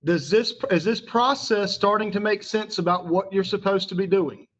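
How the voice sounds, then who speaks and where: Working through a grammar lesson step by step, a high-pitched man with a fairly bright tone speaks at a moderate pace. He patiently questions the class and waits for replies, and the audio is a little dull.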